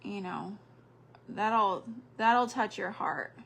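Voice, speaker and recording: A woman's voice: mid-range voice, extremely slow, creaky, fairly bright tone. An older woman, chatting casually while crafting and counting beads under her breath on a livestream.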